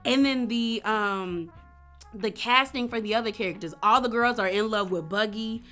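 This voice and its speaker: Animated, bright-voiced woman vlogger. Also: a little high, moderate pace, soft background music. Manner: animated, emphatic, slangy. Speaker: vlogger reviewing a series. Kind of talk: casual review chat.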